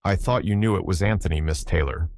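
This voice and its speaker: A man's voice: deep voice, quick pace, darkish tone, dry recording. A man reading an audiobook, voicing a wry, easygoing young tour guide with a dry, cheerful manner.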